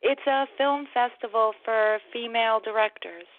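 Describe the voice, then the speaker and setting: A woman's voice: fairly high pitch, moderate pace. A woman calling in to a show, hesitant with many fillers and grateful. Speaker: caller. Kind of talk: phone call-in. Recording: phone line.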